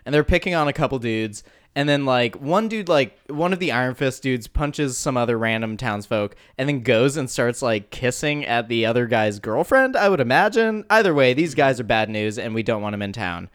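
A man co-hosting a podcast, casually and excitedly recapping a kung fu film. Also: medium pitch, normal speed, few pauses. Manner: excited, animated retelling with acted quotes. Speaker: podcast co-host.

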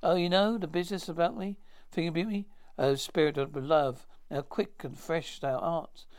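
A man acting a fast-talking character in a 1950s TV drama, with brisk, stagey dialogue. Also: on the high side, fairly even intonation, darkish tone, close to an everyday voice.

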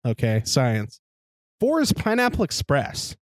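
A man's voice: medium pitch, huge pitch swings, unhurried, dry recording, studio quality. A young man co-hosting a podcast, telling stories in a rambling, profane way and laughing along as he talks. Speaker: podcast co-host. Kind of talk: casual chat.

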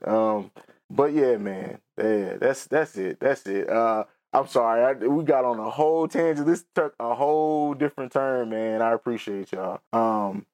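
A man's voice: medium pitch, moderate pace, darkish tone. A man in his thirties hosting a podcast, telling a personal story in a candid, rambling way with many restarts and some tears. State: tearful. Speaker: podcast host.

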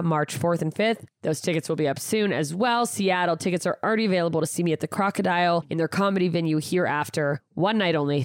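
A woman with a deep voice, a podcast host and stand-up comedian, talks on her own show through a studio microphone with clean sound and no room tone. She rambles casually through plugs and tour dates, swearing freely and being self-deprecating.

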